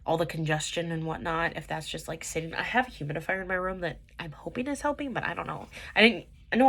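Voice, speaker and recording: Young woman, stuffy nose, rambling vlog chat, slightly low voice, fillers and restarts. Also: fairly bright tone. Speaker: vlogger reviewing dramas.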